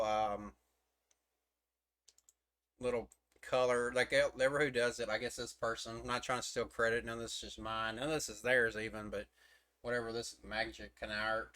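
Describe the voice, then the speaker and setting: A man with a mid-range, slightly bright and smooth voice talks at a moderate pace in a level tone. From his room, he rambles through a casual, profane review of a manga chapter, streaming his commentary with plenty of fillers and restarts.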